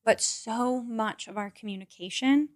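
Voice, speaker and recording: A woman's voice: fairly high pitch, measured pace, no room sound. Chatty woman podcast co-host, dry sound. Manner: reflective, openly shares own feelings, laughs easily. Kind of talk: casual podcast chat.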